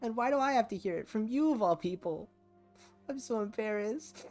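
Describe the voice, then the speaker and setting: Man putting on a high, shaky young girl voice, timid and easily hurt, visual novel reading. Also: animated, normal speed, darkish tone, faint music behind. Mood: tearful pleading. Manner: trembling, pleading, timid.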